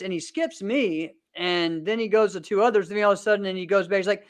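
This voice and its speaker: A podcast host and martial arts competitor in his thirties talks casually in a smooth, clear, fairly high voice with a brisk pace and fairly bright tone. He rambles cheerfully, laughs often and fills gaps with plenty of "um"s. The sound is dry and close, with no room echo.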